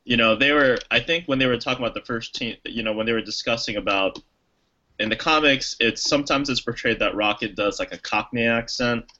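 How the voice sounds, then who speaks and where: In a casual movie review chat, this podcast co-host rambles through restarts and fillers, performing the lines he quotes. He speaks at medium pitch, a little fast, with a sharp tone, and the audio's highs are cut off.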